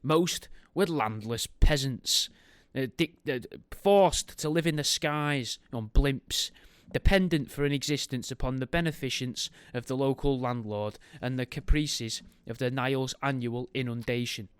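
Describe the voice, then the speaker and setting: A man reads from a book in a clear, smooth voice, regularly breaking off into dry, joking tangents before he returns to the text. His pitch sits in the middle range. The recording is close and dry, with almost no room sound. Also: unhurried, no room sound. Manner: wry, goes off on tangents, makes jokey asides while reading. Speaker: podcast host. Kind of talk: reading a book aloud with joking asides.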